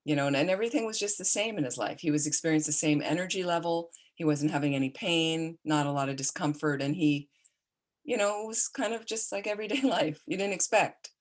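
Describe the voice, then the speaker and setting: A middle-aged woman, a Buddhist nun, giving a calm, conversational dharma talk with personal stories. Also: low-pitched, a little fast. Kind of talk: dharma talk on caring for the dying.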